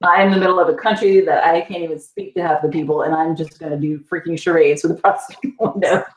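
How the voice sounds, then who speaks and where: A woman from the South, a guest telling an animated story in a casual chat and laughing often. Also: low voice, fast. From US South, Panhandle area. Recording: echoey room.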